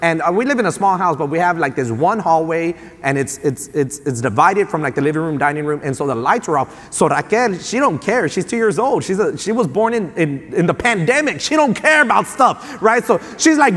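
Male pastor in his thirties, animated storytelling sermon with lots of restarts, a fairly high voice, long church reverb. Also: moderate pace, hardly any pauses. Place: church sanctuary.

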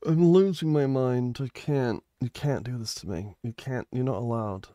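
A man live-streaming in casual chat, flustered and pleading, saying he is tired and a little high, who repeats words in bursts. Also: normal speed, warm tone, no room sound.

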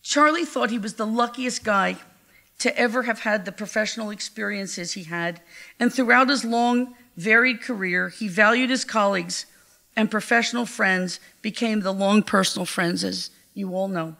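An older woman giving a heartfelt, measured eulogy at a memorial gathering. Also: mid-range voice, vocal fry, bright, forceful tone. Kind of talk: memorial tribute speech.

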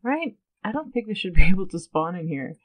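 A woman with a somewhat low voice talks through her game in casual commentary. She is chatty and a bit nervous, often asking herself questions aloud. A faint hiss sits under the recording. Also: very animated, a little fast, poor audio. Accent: Long Island put-on at times. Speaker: let's play gamer.

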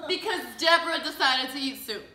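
A young woman doing an improvised comedy story, animated and laughing often. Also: high-pitched, brisk, crowd noise. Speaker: vlogger. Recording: echoey room, faint noise.

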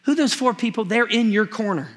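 A man's voice: sits high, fast, fairly bright tone. A male pastor preaching a sermon in church, telling a story with humor and acting out its characters.

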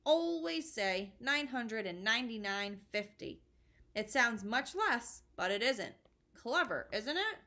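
A woman reading a storybook aloud, voicing a boastful, bullying car-dealer father in a loud, smug manner. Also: on the high side, sing-song, takes it slowly, heavily acted.

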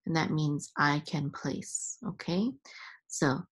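A woman teaching Hebrew reading step by step, patiently repeating each sound and sometimes sliding into a soft near-whisper. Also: low voice, takes it slowly, breathy edge. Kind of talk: slow step-by-step lesson.

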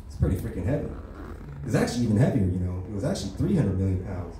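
A man's voice: on the low side, very animated, rapid-fire, recorded from a distance, noisy background. A man from the Los Angeles area doing a stand-up comedy set, telling profane stories casually with lots of "right?" tags. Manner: casual, profane storytelling with many tag questions. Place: comedy club stage. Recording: echoey room, mic from afar.

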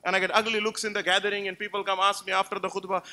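A man's voice: sits high, level tone, rapid-fire, pushed and bright. A man giving an emphatic religious lecture to a live gathering, telling stories and putting rhetorical questions to the audience. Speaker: Islamic lecturer.

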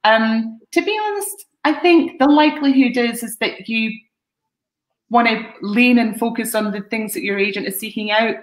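A woman's voice: on the high side, moderate pace. A woman talent agent, a guest on a live-streamed Q&A, giving frank, practical answers with a few hesitant restarts over a video call. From Scotland. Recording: roomy echo.

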